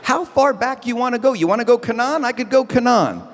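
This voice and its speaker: Man, stand-up host on a live stage: quick wisecracks, very animated melody. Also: extremely high pitch, big-room sound, slight background noise. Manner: animated, wisecracking, punchy delivery. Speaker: stand-up comedian hosting an event. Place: event stage before a live audience.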